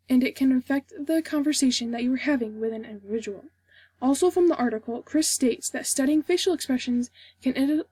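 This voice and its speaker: A young woman with a high yet mellow voice delivers a prepared class speech, steady and formal as she reads from her script. Her tone is a little husky, and the recording is dry and close, with no room sound. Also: no echo. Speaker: student giving a class speech. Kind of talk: read informative speech.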